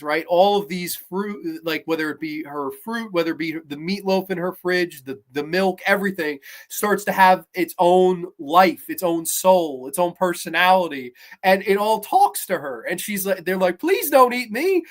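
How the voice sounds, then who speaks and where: Male horror-review host, high voice, excitable, swears a lot, loose livestream chat. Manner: excitable, profane, laughing often; reads viewer comments aloud.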